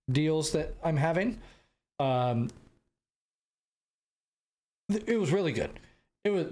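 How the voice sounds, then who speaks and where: A young American man hosting a podcast, telling a travel story casually with rambling restarts and bursts of laughter. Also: on the high side. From United States. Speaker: podcast host.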